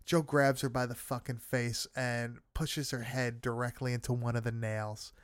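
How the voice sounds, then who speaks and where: A man's voice: medium pitch, level tone, normal speed, no echo, studio quality. A man casually recapping a horror film with friends, swearing often and leaning on fillers. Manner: loose, swearing, many fillers.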